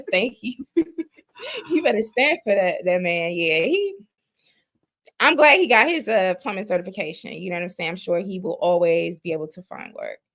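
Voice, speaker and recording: A woman's voice: on the low side, lively intonation, moderate pace, fairly bright tone. A woman hosting a discussion panel who encourages the guests and laughs easily. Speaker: host.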